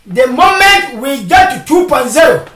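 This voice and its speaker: Preacher shouting a sermon of repeated questions, bright and piercing, recorded from far off in an echoey space. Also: sits high, very animated, moderate pace.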